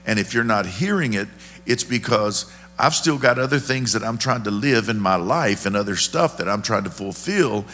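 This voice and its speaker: A man's voice: lowish voice, lively intonation, normal speed, fairly bright tone, slight background noise. A man preaching a conversational, folksy sermon, often checking in with the congregation. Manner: folksy, asks the congregation questions. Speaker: pastor.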